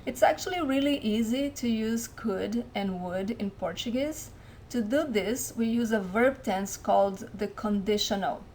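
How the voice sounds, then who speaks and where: A woman teaching an online language lesson, slowing down to model each word. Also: on the high side, slight background noise. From Brazil. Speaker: Portuguese teacher. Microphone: webcam mic.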